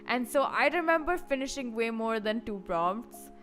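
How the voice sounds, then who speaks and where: A woman's voice: a little high, expressive, normal speed, over music. A woman streaming casually, rambling and chatty with lots of filler words. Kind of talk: casual live-stream chat.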